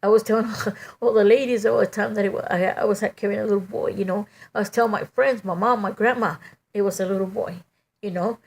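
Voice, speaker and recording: A middle-aged woman giving a halting, emotional personal testimony, full of "you know" and restarts. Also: mid-range voice, fairly even intonation, creaky, a little mellow.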